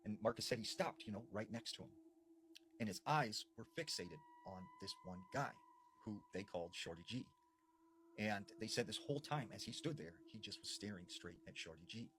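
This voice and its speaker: Lively low-voiced man telling ghost stories. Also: normal speed, slight background noise. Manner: chatty retelling with frequent fillers. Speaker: storyteller. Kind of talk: casual spoken horror storytelling.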